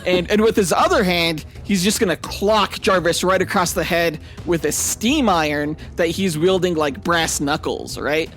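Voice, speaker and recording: A male podcast host with a fairly high voice lays out an absurd fight scenario in a playful, animated way. He often laughs at his own ideas. Faint music sits under his voice. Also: normal speed, few pauses. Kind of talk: playful comedic debate.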